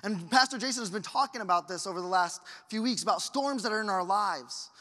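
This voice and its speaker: A man preaching a sermon as a pastor, acting out quoted voices and moving between loud bursts and hushed lines. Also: sits high, lively intonation, fairly quick. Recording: hall reverb.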